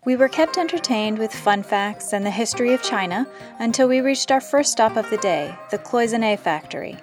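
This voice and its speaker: A woman's voice: fairly high pitch, lively intonation, normal speed. Woman narrating a travel vlog over music.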